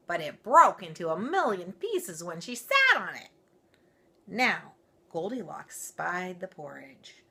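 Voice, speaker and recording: A woman reads a fairy tale aloud at an unhurried pace, stretching out her words. Her voice is bright and a little breathy, and she dips into sudden whispers for effect. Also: fairly low pitch, big pitch swings. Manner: dramatic, drawn-out reading with sudden whispers. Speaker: storyteller. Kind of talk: expressive storybook reading.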